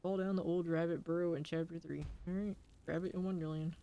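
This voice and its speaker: A woman's voice: fairly low pitch, flat delivery, brisk, warm tone, highs cut off. A woman streaming a game, reading its story dialogue aloud and reacting with laughter and swearing in casual commentary.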